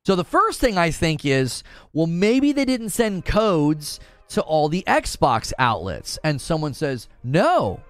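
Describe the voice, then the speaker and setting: A man hosting a casual livestream, reading chat and acting out his own reactions in lively commentary. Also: a little high, a little slow, clean tone, no echo. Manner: animated, acts out his own past thoughts. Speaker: livestream host.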